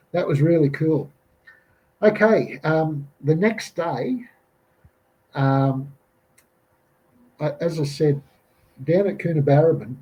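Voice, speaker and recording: A middle-aged Australian man, a podcast guest, rambles through a bush camping story about an encounter, full of fillers and restarts, quoting people in raised voices. His medium-pitched voice is mellow and husky, and the recording is rough.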